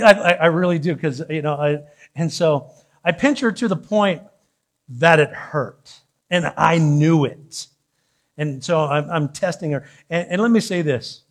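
Male pastor, higher register; playful, self-mocking sermon storyteller speaking in church. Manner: animated, joking personal storytelling with laughter.

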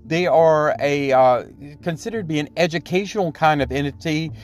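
A man's voice: on the high side, moderate pace. A man with a slightly raised voice holds forth alone on his podcast, rambling and indignant. He keeps checking in with "okay?" and stumbles through fillers and restarts, with faint music under him. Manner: rambling, tags points with "okay?". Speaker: podcast host. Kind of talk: solo opinion commentary.

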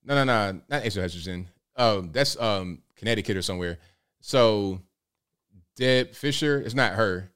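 A man's voice: lowish voice, animated, normal speed, a bit bright, smooth. A man hosting a live show, reacting to clips with slangy jokes and frequent laughter. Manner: joking, slangy, laughs often. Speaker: host.

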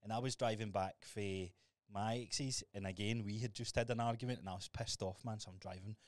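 A young Scottish man co-hosting a podcast, telling stories in a sweary, animated way. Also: on the low side, a little fast, dry recording. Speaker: podcast co-host. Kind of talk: casual chat.

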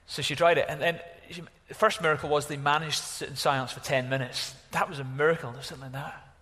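A man preaching a sermon as pastor, animated, exclaiming at times and dropping to a hush at others. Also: on the high side, fast talker, big-room sound. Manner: animated, exclaiming, varies from loud to hushed.

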